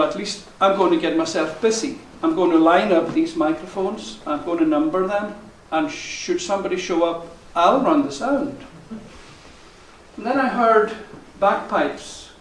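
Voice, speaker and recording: High-voiced male folk storyteller, chatty and chuckling, on an echoey live mic. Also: far from the mic, a little hiss or hum. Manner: rambling, chuckling, with self-corrections. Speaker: folk musician telling a story on stage. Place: live concert venue.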